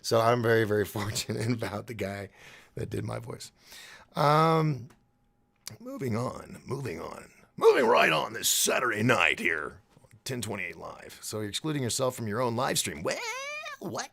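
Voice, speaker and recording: A man's voice: fairly low pitch, sing-song, moderate pace, creaky, fairly bright tone, breathy edge. A man hosting a live stream in casual chat, rambling and restarting as he reads the chat aloud.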